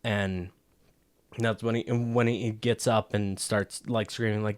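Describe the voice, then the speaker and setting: A man's voice: medium pitch, fairly even intonation, slow pace, dry recording, clean studio sound. A man co-hosting a casual movie podcast, explaining film camera work at length with many fillers and restarts. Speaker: podcast co-host.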